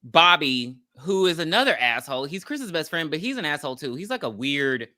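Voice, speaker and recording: Lively woman recapping a horror film. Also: low-pitched, a little fast, no room sound, clean studio sound. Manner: animated, swearing, frequent ums and laughs. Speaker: podcast co-host. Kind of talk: casual movie recap chat.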